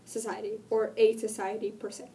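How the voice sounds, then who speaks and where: A woman vlogging while sick, her voice cracking and dropping out, talking earnestly and rambling with many pauses. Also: medium pitch, flat delivery, dark tone, recorded from a distance, slight background noise. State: sick, voice cutting in and out. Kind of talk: casual talk to camera.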